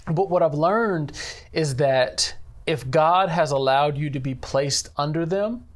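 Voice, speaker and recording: A man who directs a church ministry talks earnestly about faith in an interview, speaking in a measured way and leaning on "you know." His voice has a fairly high pitch.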